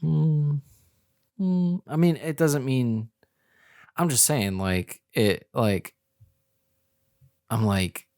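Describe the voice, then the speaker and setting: A man's voice: medium pitch, extremely slow, long pauses, mellow, no echo. A man co-hosting a podcast, teasing his co-host with dry sarcasm in casual chat.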